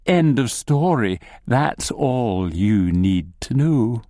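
A man voicing a sly, cryptic male gnome who speaks slowly and deliberately, in a hushed tone. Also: mid-range voice, expressive, dry recording, clean studio sound. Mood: insistent. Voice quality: slow, deliberate, hushed delivery.

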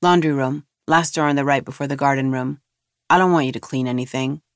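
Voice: medium pitch, fairly quick, no echo, studio quality, natural voice. A reader doing a groggy, bitter man. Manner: contemptuous, weary. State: hoarse croaking whisper. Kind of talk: audiobook character voice.

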